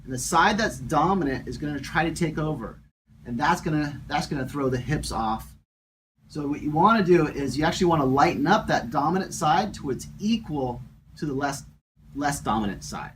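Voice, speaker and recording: A man calmly talking through an exercise step by step as a fitness instructor, often repeating his words. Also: fairly high pitch, normal speed, slight background noise, rough recording. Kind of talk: casual exercise demonstration.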